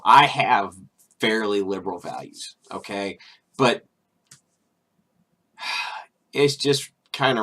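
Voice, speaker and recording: A man's voice: lowish voice, bright, forceful tone. A man hosting his own video, talking casually and rambling through an opinion piece with restarts, fillers and irritated, sarcastic asides. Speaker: video host.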